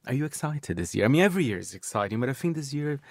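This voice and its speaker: A male podcast host who asks his guest questions in a warm, enthusiastic way. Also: medium pitch, big pitch swings, rapid-fire, vocal fry, no echo, studio quality. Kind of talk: interview conversation.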